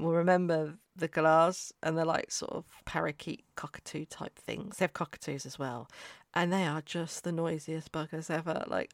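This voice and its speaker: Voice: mid-range voice, vocal fry, dry recording, studio quality. A podcaster telling personal stories in a chatty, self-mocking way, often trailing off and restarting. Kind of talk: casual anecdotal storytelling.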